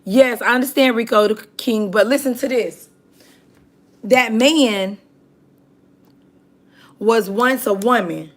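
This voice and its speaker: A woman's voice: on the high side, slow, long pauses. A woman hosting a livestream, chatting casually with viewers and reading out their comments in a chatty, emphatic way. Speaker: livestream host.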